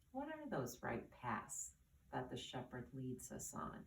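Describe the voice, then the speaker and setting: A woman teaching young children at church, speaking gently and asking them questions. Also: very deep voice, wildly swooping pitch, gravelly, slight background noise. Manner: slow, soft and coaxing, asks the children questions. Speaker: children's catechist. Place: church classroom. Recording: roomy, distant camera audio.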